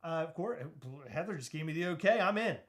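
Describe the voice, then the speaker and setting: Higher-voiced man on a casual live stream. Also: animated, a little fast, fairly bright tone. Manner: laughs easily, swears casually, reads chat comments aloud. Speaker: podcast co-host.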